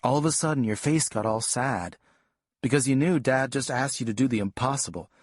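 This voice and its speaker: A man reading a first-person audiobook in a calm, even storytelling voice on a studio mic. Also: mid-range voice, brisk, dry recording. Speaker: audiobook narrator.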